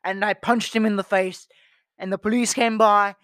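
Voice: medium pitch, steady tone, normal speed, fairly bright tone, no echo, studio quality, close to an everyday voice. Someone putting on a British jailbird. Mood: deadpan. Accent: British, put on. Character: British man who punched a cashier, now in jail.

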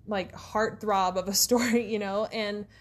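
Woman podcast co-host, rambling storyteller, easygoing chat, mid-range pitch. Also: fairly even intonation, a little slow. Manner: rambling storyteller, many fillers. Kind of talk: casual chat.

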